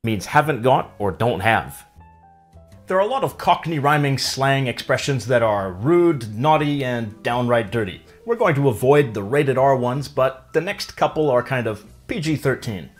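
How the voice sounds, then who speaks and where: A man narrating a scripted language lesson, explaining clearly and stretching example words out slowly. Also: medium pitch, lively intonation, soft background music. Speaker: language teacher.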